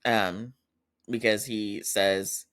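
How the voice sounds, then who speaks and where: A man's voice: on the low side, fairly even intonation, very slow, a bit bright. A man hosting a podcast, giving a chatty casual recap and quoting characters in his own voice. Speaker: podcast host.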